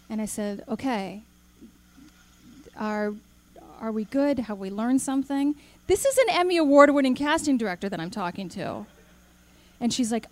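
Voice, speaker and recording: A woman giving a talk to an audience, telling a personal story with lively acted-out dialogue and questions to the crowd. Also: a little high, normal speed, long pauses. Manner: animated storyteller, acts out quoted dialogue, asks the audience questions. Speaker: speaker.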